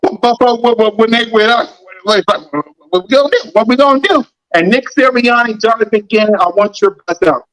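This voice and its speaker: A man's voice: very high voice, brisk, hardly any pauses, fairly bright tone, low-quality recording. A man hosting a fan sports talk show, ranting in a heated, mocking way and repeating lines for emphasis.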